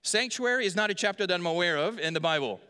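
A man's voice: high-pitched, animated, fast talker, pushed and bright, clear, resonant tone. A man preaching a sermon in a church hall, joking with the congregation and quizzing them. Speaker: pastor. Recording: long reverb of a large hall.

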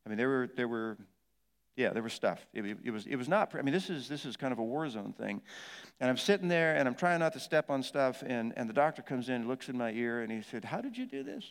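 A middle-aged male pastor telling a dramatic personal story in a sermon, acting out his own shouts and moans. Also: mid-range voice, fairly quick, smooth, big-room sound. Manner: animated storytelling, acts out yelling and moaning.

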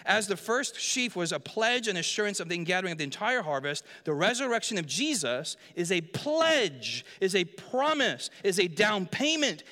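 Preaching in a church hall, a pastor whose voice sits high and sharp trades jokes with his congregation and quizzes them. The recording carries a large hall's long reverb.

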